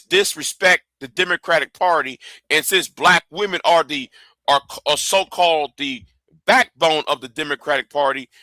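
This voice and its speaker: A man's voice: on the high side, pushed and bright, no room sound. A man hosting a livestream, ranting angrily and profanely, often repeating himself and stumbling over words. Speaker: livestream host. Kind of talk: heated livestream rant.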